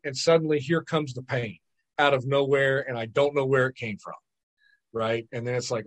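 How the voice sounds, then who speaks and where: A man, a podcast guest, telling stories in lively casual chat, often repeating words and checking in with "right?". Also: mid-range voice, normal speed. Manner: animated storyteller, repeats words and asks "right?". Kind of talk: casual storytelling.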